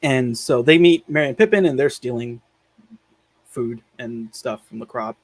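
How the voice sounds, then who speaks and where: A laid-back man in casual conversation, his voice sitting at an ordinary middle pitch. He rambles through scenes with plenty of "like" and the odd curse word, easygoing and unpolished. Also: normal speed, dry recording. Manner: rambling retelling, peppered with "like". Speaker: podcast host reviewing films. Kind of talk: casual chat.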